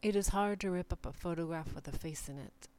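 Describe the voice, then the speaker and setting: A woman giving a measured, deliberate reading of short numbered literary passages. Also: on the low side, darkish tone. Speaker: reader.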